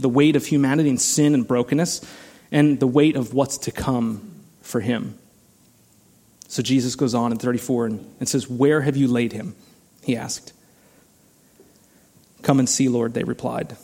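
A man's voice: a little high, darkish tone. A man preaching a sermon as a pastor, earnest and conversational, often saying "like" and repeating words as he goes.

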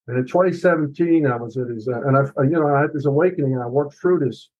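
A middle-aged author appearing as a podcast guest tells his personal story emotionally and earnestly, in a confessional tone with some swearing. His medium-pitched voice is fast and a little mellow, and the audio is dull.

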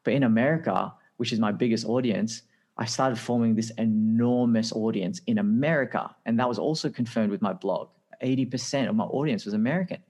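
An Australian man in his thirties, a podcast guest telling his career story in a lively, anecdotal way with frequent laughs. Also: mid-range voice, brisk, breathy edge. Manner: lively anecdotal, acts out dialogue, laughs often. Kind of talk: casual interview storytelling.

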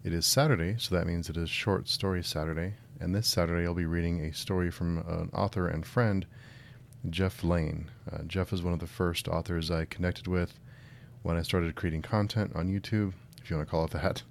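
A man with a low voice reads a short story aloud on his book channel after a relaxed, friendly introduction. He speaks plainly, with a few fillers and restarts in his own chat. A faint low rumble sits behind him. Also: moderate pace, gravelly. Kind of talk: casual intro then story narration.

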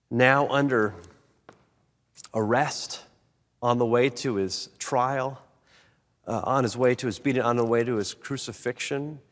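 Male pastor, mid-pitched voice, dramatic dynamic swings, long hall reverb. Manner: animated, swings between loud emphasis and soft low delivery. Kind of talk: sermon.

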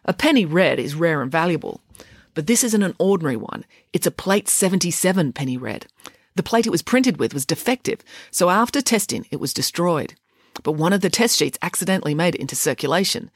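A woman voicing a sharp, clever schoolgirl detective who explains things confidently. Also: lowish voice, lively intonation, brisk, breathy edge, no room sound, clean studio sound. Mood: explaining.

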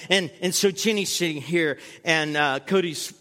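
A man in his sixties, a guest pastor, preaching a sermon with animated storytelling and acting out scenes. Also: high-pitched, normal speed, long reverb tail.

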